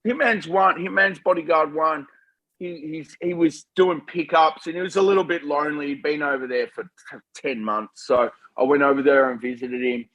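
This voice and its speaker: A man's voice: fairly high pitch, normal speed, rough recording. A man, a film director guest telling stories animatedly in a casual interview. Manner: animated storyteller, laughing and calling people mate.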